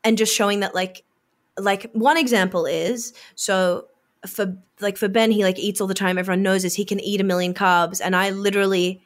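A young woman chatting casually as a podcast co-host, animated and laughing often. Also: mid-range voice, normal speed. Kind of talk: casual chat.

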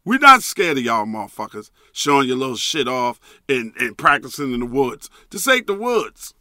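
A man's voice: medium pitch, big pitch swings, moderate pace, sharp tone, no room sound, studio quality. A man hosting a podcast, ranting emphatically and profanely and repeating a catchphrase. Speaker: podcast host. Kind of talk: solo podcast rant.

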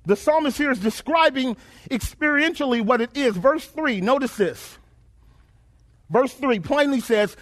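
A male preacher delivering a sermon in a call-and-response style, repeating his phrases and rising to shouts. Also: extremely high pitch, expressive, moderate pace.

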